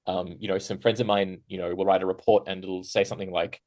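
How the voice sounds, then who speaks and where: A man with a fairly low voice speaks as a guest in a panel discussion. He rambles in a loose, conversational way, tossing in "right?" and laughing lightly between thoughts. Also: fast talker. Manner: rambling, frequent "right?" tags and fillers; animated, laughs while talking.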